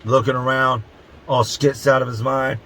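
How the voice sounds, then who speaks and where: In this casual to-camera story, a middle-aged Philadelphia channel host describes prison life in blunt, profane street speech, drawing out words for emphasis. He delivers it flatly at normal speed, his medium-pitched voice fairly bright on a rough recording.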